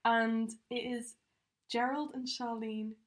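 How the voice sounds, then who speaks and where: A woman's voice: on the high side, fairly even intonation, slow. A woman co-hosting a true-crime podcast, telling the case in a loose, chatty way with lots of fillers. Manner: chatty, many fillers like um and you know. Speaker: podcast co-host presenting the case.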